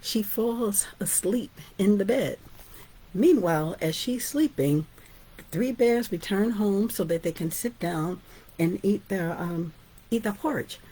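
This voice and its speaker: A woman teaches storytelling in an informal, chatty way. She keeps checking in with her listeners as she goes. Her voice has a husky grain at a middle pitch. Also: expressive, unhurried, warm tone. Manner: chatty, asks "right?" and "guess what?".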